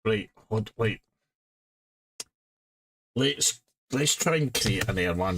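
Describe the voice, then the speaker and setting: A man's voice: lowish voice, animated, slow pace, fairly bright tone, faint music behind, poor audio. A Scottish man chatting casually on a live stream, muttering to himself as he works.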